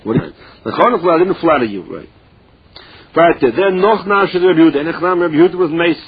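Husky-voiced man teaching Talmud, lo-fi. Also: high-pitched. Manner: chants source text slowly, then explains in plain English. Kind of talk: Talmud lesson, translating Aramaic into English. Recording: dull, lo-fi recording.

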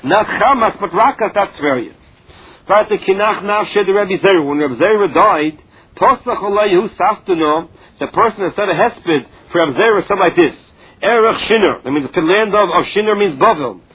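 A man's voice: sits high, animated, normal speed, breathy edge. A man teaching a Talmud lesson, reading each phrase and then explaining it in plain words. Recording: dull lo-fi recording.

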